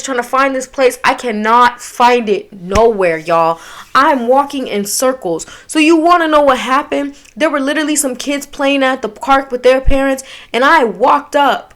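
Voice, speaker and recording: Woman, young adult, somewhat high voice, casual storytime vlog, animated, slangy, talks to viewers. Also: normal speed. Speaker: vlogger telling a storytime.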